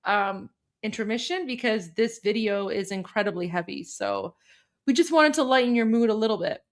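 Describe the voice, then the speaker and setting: A woman's voice: mid-range voice, lively intonation, moderate pace. A young woman from Iran hosting a livestream, chatting casually with many fillers and restarts. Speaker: livestream host.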